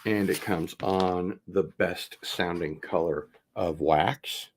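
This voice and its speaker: Slow, gravelly-voiced man hosting an unboxing. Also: deep voice. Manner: relaxed, rambling, enthusiastic about records. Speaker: host. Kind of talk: casual unboxing chat.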